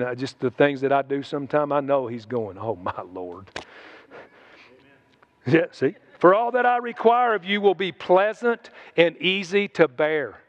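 A man preaching a sermon to his congregation, exhorting and then dropping into hushed asides. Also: high voice, muffled recording. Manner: exhorting, swings between loud shouts and hushed asides. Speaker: pastor. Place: church sanctuary.

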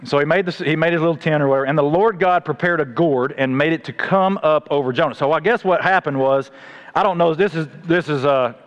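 A man preaching a sermon, telling the story with animated acted-out voices. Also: a little high, brisk. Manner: animated storytelling, acts out voices of God and Jonah.

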